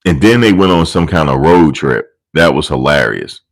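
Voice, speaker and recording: A man's voice: rumbling low, animated, normal speed, low-quality recording. A man hosting casual celebrity commentary, telling rambling, profane and amused stories into a desk microphone. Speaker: commentary channel host. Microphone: desk USB microphone.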